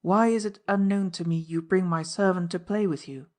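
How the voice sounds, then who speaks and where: A woman's voice: fairly low pitch, fairly even intonation, moderate pace, darkish tone, lightly acted. A woman playing a haughty jealous count. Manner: haughty, commanding. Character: haughty, jealous middle-aged male count and magnate.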